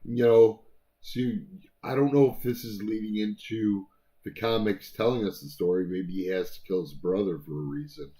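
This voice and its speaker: Low-voiced man rambling about music. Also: normal speed, warm tone. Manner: rambling, many fillers and restarts. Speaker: album review co-host. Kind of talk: casual music review chat.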